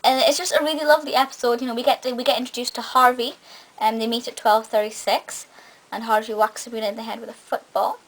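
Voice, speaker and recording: A woman's voice: on the high side, flat delivery, quick pace, rough recording. A young woman giving an enthusiastic, chatty spoken review of a TV episode, often restarting her sentences. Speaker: film and TV reviewer.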